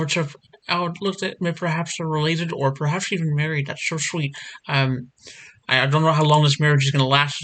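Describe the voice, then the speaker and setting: A man's voice: on the high side, pushed and bright. A man at his computer desk giving playthrough commentary, getting more and more exasperated and ranting to himself as he plays. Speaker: gaming channel host. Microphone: desk microphone.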